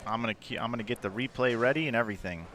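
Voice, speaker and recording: A man's voice: medium pitch, racing, a bit bright. Playful male bowling commentator. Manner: playful, joking. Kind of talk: live sports commentary. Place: bowling center. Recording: crowd noise behind.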